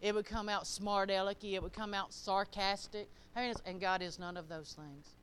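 Preaching casually to her congregation, this woman speaks at a moderate pace with fairly even intonation. Her mid-range voice is clean and a bit bright, and her folksy style has her talking straight to listeners and posing questions.

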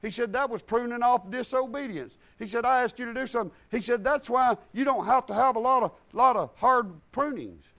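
A man's voice: very high-pitched, fairly quick, few pauses, fairly bright tone. A man preaching a sermon, retelling talks with God and mixing scripture quotes with folksy plain talk.

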